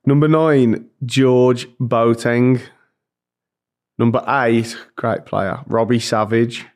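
A man's voice: mid-range voice, fairly even intonation, darkish tone. A man co-hosting a football podcast, reading out a list of players and teasing the others in casual chat. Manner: teasing, reads a list out slowly. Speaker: podcast co-host.

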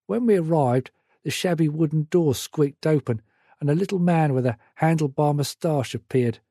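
A man reads a memoir aloud, measured and reflective, with a mellow, soft tone. His voice sits a little high for a man, and the recording is dry and close. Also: dry recording. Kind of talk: audiobook memoir narration.

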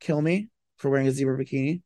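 A man in casual chat, groggy and slow after a late night out, rambling with lots of fillers and bursts of mock toughness. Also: medium pitch, fairly even intonation, warm tone, no room sound, clean studio sound.

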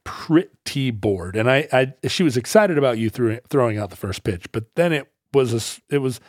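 Casting: middle-aged man, lively storyteller, dry close sound, mid pitch. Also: moderate pace, no echo. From Seattle area. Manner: animated, acts out loud brash characters in his anecdotes. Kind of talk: casual storytelling chat.

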